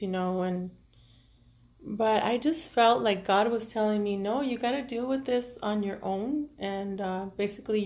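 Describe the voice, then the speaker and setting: A woman with children, speaking to her viewers in an emotional, halting personal monologue as a tarot reader, tearful at times. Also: mid-range voice, a little mellow. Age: adult with children. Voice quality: earnest, halting, with many restarts and fillers. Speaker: tarot reader and self-care vlogger.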